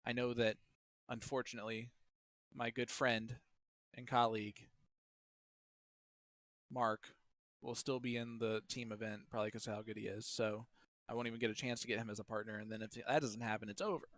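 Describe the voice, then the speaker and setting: A man calls a live darts stream in a loose, joking way, teasing his partner between throws. His voice sits at an ordinary middle pitch. The sound is dry and close, with no room echo. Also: flat delivery, normal speed, a bit bright. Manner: chatty, joking, teasing banter. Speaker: darts commentator. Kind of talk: live play-by-play commentary.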